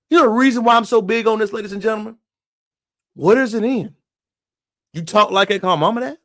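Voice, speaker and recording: A man's voice: very high-pitched, fairly bright tone. A man giving impassioned live-stream commentary, emphatic and preachy, who keeps calling his viewers y'all. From moved to Texas from elsewhere.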